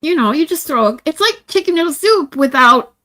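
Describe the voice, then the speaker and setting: A woman's voice: high-pitched, animated, moderate pace, sharp tone. Chatty woman with a stuffy nose. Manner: rambling, chatty, with frequent restarts. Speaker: live streamer. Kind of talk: casual live-stream chat. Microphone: streaming mic.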